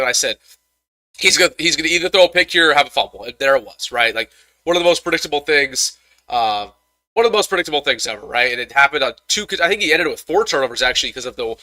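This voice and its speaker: A young man hosts a live football reaction stream, venting in a frustrated rant full of stammered restarts. His voice sits a touch high and sounds sharp and forceful. The sound is close and dry, with no room around it. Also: dry recording. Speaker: sports commentator host.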